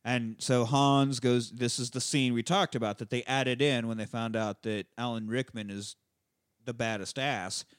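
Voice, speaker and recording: A man on a podcast casually recapping a movie plot, swearing freely and jumping into quick character voices. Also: mid-range voice, clear, resonant tone, no room sound, studio quality. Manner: profane, animated retelling with quick voices for characters. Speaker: podcast host. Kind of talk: casual movie rewatch chat.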